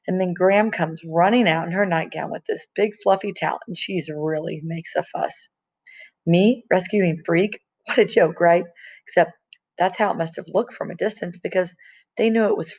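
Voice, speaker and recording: An audiobook reader, a woman with a fairly low, darkish voice, reads a chapter of a novel aloud in a casual, conversational manner. The recording sounds dull and lo-fi.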